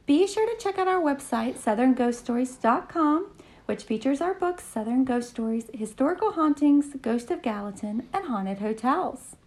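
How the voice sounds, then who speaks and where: A woman with a fairly high voice and a gravelly, fry-laden edge co-hosts a podcast. She moves between casual chat and read-out announcements, teasing her partner along the way. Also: lively intonation, a little mellow. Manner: chatty, quick to tease, breaks into laughter. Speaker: podcast co-host. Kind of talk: podcast chat and scripted narration.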